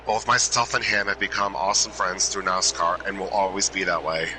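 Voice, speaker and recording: A man giving an emotional hall of fame induction speech, halting and restarting as he loses his train of thought. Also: sits low, fairly even intonation, over music. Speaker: inductee presenter. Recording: loud background noise.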